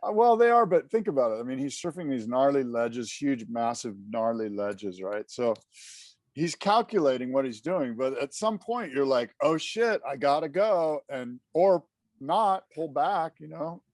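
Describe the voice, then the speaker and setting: A man co-hosting a podcast in casual chat, talking in an animated, rambling way with lots of fillers. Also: medium pitch, normal speed, no echo. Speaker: podcast co-host.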